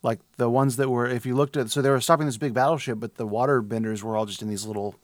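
A man's voice: mid-range voice, fairly even intonation, fast, no room sound. A man co-hosting a casual podcast chat, rambling through his points with frequent fillers and restarts. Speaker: podcast co-host.

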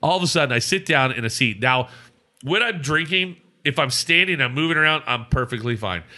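A man's voice: medium pitch, fairly quick. A man co-hosting a podcast, telling a rowdy road story in casual chat and acting out the people in it. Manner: animated storyteller, acts out voices of people in his story. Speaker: podcast co-host.

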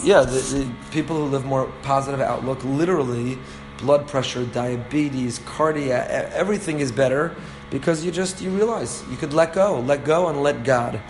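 Faint music plays behind a man speaking at a moderate pace in a medium-pitched voice. He teaches a Torah class, reading and translating texts, earnestly explaining passages, frequently repeating phrases and chuckling at his own stories. Between young adult and middle-aged, he has a four-year-old.

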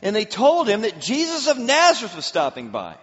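A male pastor preaching a sermon, telling a story with acted-out quotes and an animated delivery. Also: high-pitched, a little fast. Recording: echoey hall, slightly dull.

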